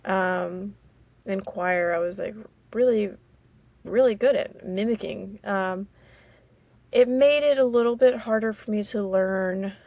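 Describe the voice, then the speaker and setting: An American woman from Maryland hosting a casual solo podcast, rambling and halting with many fillers. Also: medium pitch, gravelly, a little mellow, no room sound. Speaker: podcast host.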